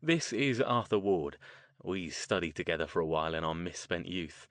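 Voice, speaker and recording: Fields: Figure: middle-aged occult mage played by a man. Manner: measured, wry, composed. Pitch: low. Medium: audiobook. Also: animated, a bit bright, dry recording.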